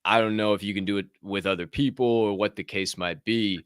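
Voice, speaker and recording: A man co-hosting a casual podcast, telling stories in a loud, profane, animated way. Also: fairly low pitch, brisk, clear, resonant tone, dry recording, clean studio sound. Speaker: podcast co-host.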